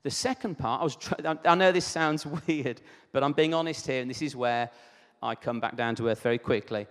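A man's voice: mid-range voice, a little fast, big-room sound. A man preaching a sermon, telling a personal testimony in a conversational, storytelling way with asides.

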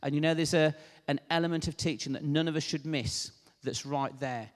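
A man giving a sermon in an earnest, unscripted way, pausing with fillers and restarting phrases. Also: on the high side, fairly even intonation. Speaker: preacher. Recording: long hall reverb.

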